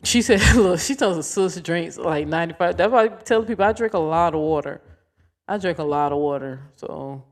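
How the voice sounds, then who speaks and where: A woman in her forties with a lowish voice hosts a casual livestream at a moderate pace, chatting with viewers and playfully coaxing her dog.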